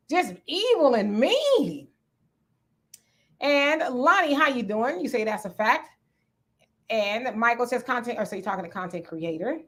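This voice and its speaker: A woman's voice: high-pitched, fairly bright tone. A woman hosting a casual livestream, reading viewer comments aloud, greeting people by name and laughing often. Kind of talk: casual live chat.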